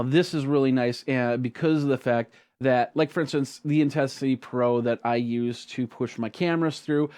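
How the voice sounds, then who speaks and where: A man hosting a tech tutorial, talking casually through a software walkthrough with frequent ums and restarts. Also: medium pitch. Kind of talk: screen-recorded software tutorial.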